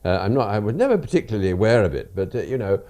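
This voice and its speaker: An older man from England, very deep and mellow in tone, talks as a guest on a radio interview. His pitch rises and falls a lot as he chats along, stumbling over and repeating words in a relaxed, self-deprecating way. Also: racing.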